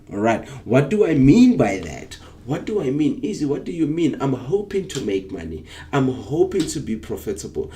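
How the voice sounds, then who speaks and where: Male trading coach with a lowish, mellow voice, live-streamed lesson; engages viewers and repeats key points. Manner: engaging, asks viewers rhetorical questions and for emoji replies.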